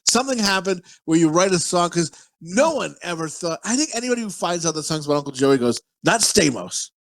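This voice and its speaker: Male co-host, profane rambling storyteller, slightly higher voice, loose comedic chat. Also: animated, a little fast. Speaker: podcast co-host. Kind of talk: crude casual chat.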